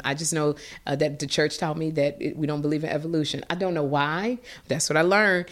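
A middle-aged woman with a notably low voice, recounting a personal story as a guest in an interview. She speaks animatedly and with feeling, often restarting her sentences as she goes. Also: brisk, hardly any pauses. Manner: animated, emotional, with frequent restarts.

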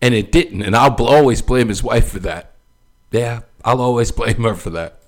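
Animated ranting male commentary host. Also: medium pitch, normal speed. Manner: ranting, animated, laughs often, many fillers. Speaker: show host. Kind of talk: opinionated political commentary.

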